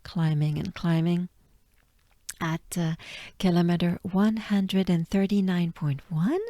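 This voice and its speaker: A woman's voice: lowish voice, a little slow, warm tone, dry recording, clean studio sound. A woman with a French accent coaching pronunciation, breaking names into syllables and repeating each one several times. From France. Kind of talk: slow pronunciation lesson.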